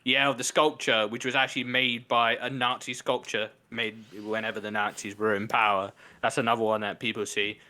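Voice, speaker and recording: A man's voice: medium pitch, flat delivery, a little fast, hardly any pauses, bright, forceful tone. A young man co-hosting a podcast, explaining things matter-of-factly in casual chat. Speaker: podcast co-host.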